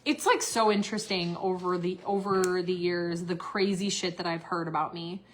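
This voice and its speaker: A woman's voice: lowish voice, moderate pace, a little hiss or hum. A young woman talking candidly on a livestream, blunt and filler-heavy, swearing freely. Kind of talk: candid casual livestream rant.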